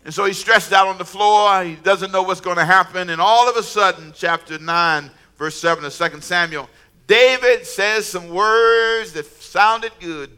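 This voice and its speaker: A middle-aged male preacher with a high-pitched, sharply bright voice. He tells stories with humor, chuckles at his own jokes, and leads the congregation in call-and-response. At the big moments he shouts out emphatic declarations. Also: expressive, normal speed. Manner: call-and-response, urging the congregation to repeat lines. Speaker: pastor. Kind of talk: sermon.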